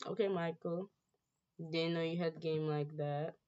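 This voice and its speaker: A woman's voice: sits low, steady tone, unhurried, darkish tone, smooth. A young woman playing a story game, reading it aloud and reacting in a playful, slangy way. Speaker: game streamer. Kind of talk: let's-play commentary and read-aloud. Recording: dull lo-fi sound.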